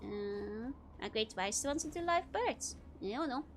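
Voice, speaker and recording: A woman's voice: on the high side, expressive, moderate pace, slight background noise. Giggly, chatty woman streamer. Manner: chatty, giggles often, rambles about trivia. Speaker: streamer playing a game. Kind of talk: casual live-stream commentary.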